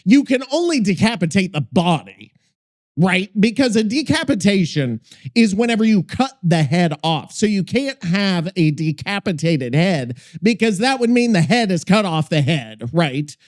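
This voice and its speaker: A man's voice: high voice, very animated, moderate pace. A man hosting a casual gaming podcast, rambling and swearing freely as he stumbles over words. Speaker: podcast host.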